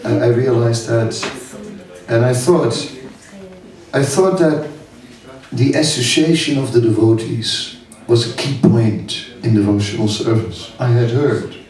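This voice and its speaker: Slow chuckling monk in echoey hall. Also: male voice, medium pitch, a little mellow. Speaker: monk giving a seminar. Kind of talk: storytelling talk. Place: hall at a summer camp. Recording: echoey hall from far off, audience.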